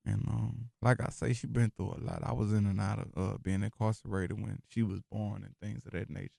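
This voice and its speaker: Man, gravelly, emphatic and philosophical, radio studio guest, dry close mic. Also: fairly low pitch, level tone, brisk, warm tone, no room sound. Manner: emphatic, philosophical, repeats phrases like "you hear me". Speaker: rapper guest. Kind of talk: radio interview conversation. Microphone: studio microphone.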